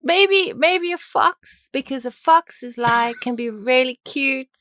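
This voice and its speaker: Woman co-host, high lively pitch, unhurried, enthusiastic, dry sound. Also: slight background noise. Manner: enthusiastic, giggly. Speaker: podcast co-host. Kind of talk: casual chat.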